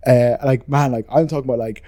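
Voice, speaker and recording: A man with a mellow, darker tone talks eagerly in casual podcast chat. He swears freely and strings his thoughts together with fillers. The recording is dry and close to the mic. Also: medium pitch, fairly even intonation, fast talker, dry recording. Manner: enthusiastic, sweary, filler-heavy. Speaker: podcast co-host.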